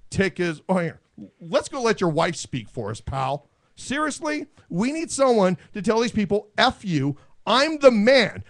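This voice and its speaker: A man hosting a casual talk show, brash and quick to laugh while he argues. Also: sits high. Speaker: host. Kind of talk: casual political banter.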